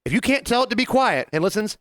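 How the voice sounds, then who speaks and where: Podcast guy talking fast, voice jumping all over, kinda high, swears a lot, dry close mic. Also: no room sound. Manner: animated storytelling, swearing for emphasis. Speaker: podcast co-host. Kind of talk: casual chat.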